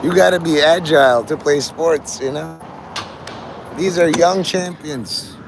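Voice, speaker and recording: A man chats his way through a street livestream in a loose, rambling way, dropping profanity and dark joking asides. Loud traffic and city ambience wash over his voice. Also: fairly high pitch, measured pace, creaky. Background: vehicles and city ambience.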